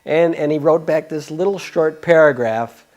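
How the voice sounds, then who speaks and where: A man's voice: a little high, moderate pace, a little mellow. A man in his sixties telling a long personal story from his past in an interview, meandering and self-interrupting, with frank asides. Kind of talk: reminiscing anecdotal storytelling.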